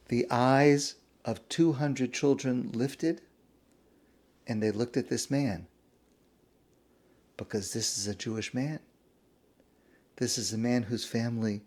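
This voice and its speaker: Soft-spoken rabbi telling a story. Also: male voice, mid-range voice. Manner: slow, hushed, with dramatic pauses. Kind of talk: sermon storytelling.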